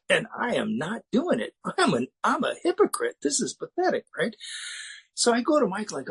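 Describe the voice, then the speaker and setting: Lively-pitched man with a breathy voice. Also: normal speed, rough recording. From United States. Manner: candid, self-mocking, repeats words and restarts often. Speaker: recovery meeting speaker. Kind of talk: personal recovery talk.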